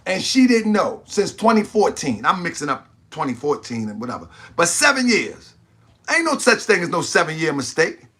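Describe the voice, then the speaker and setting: A man's voice: fairly high pitch, big pitch swings, moderate pace, a bit bright. A man hosting a livestream commentary show, talking to his viewers, exclaiming and laughing often. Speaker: host of an online talk channel.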